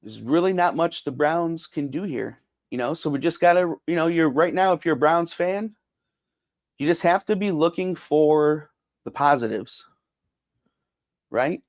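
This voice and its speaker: On his casual solo sports podcast, a middle-aged host reads viewer comments, rambling with frequent fillers and repeats. His voice runs on the high side and a little slow, in a clean studio recording with no echo.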